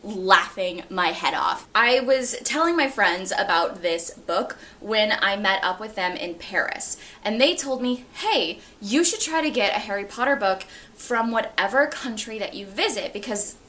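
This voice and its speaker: A young woman in her twenties chatting casually and excitably about her books, laughing often. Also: medium pitch, measured pace. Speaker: book vlogger. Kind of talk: casual chat.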